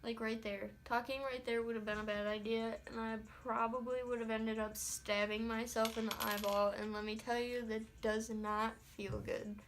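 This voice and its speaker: A woman's voice: on the high side, flat delivery, normal speed, hardly any pauses, slight background noise. A young woman vlogging a makeup tutorial in casual self-talk, with a light put-on country accent. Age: young adult. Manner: chatty, self-talking, with mild exclamations. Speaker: beauty vlogger. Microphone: phone camera.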